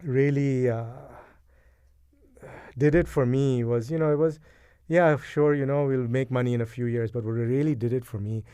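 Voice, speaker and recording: A middle-aged man, a guest in an interview, telling his story in a casual, animated and emotional way. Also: medium pitch, normal speed, clean tone, no room sound. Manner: animated, emotional, acts out past dialogue. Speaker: guest, event co-founder.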